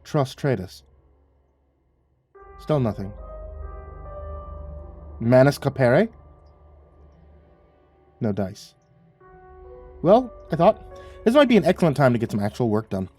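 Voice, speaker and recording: A man reading a horror story aloud as a narrator, in a wry, measured manner. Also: mid-range voice, huge pitch swings, mellow, soft background music.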